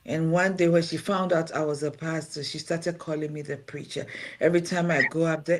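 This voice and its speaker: A woman with a low voice and a moderate pace talks heartfeltly on a livestream show, echoing her key phrases to underline them. Not American, she is a pastor who also runs a home care agency.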